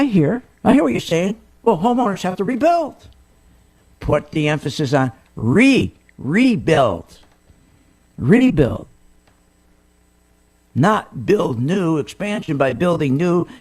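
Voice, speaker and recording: A man's voice: a little high, darkish tone. A middle-aged man hosting a talk radio show, ranting indignantly and incredulously with plenty of rhetorical questions. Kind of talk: animated talk radio monologue.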